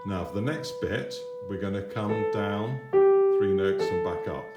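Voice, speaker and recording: Male piano teacher for kids, low voice, patient and encouraging, roomy echo with piano playing. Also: measured pace, highs cut off. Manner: patient, encouraging, sings note patterns. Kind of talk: children's piano lesson.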